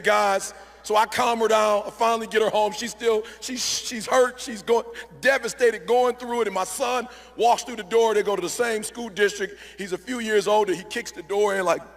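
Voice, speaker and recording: Male motivational speaker, gravelly and high, emphatic and repetitive, large echoey hall. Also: normal speed, hardly any pauses, fairly bright tone. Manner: emphatic, repetitive, addresses crowd often. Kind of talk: motivational speech to a live audience.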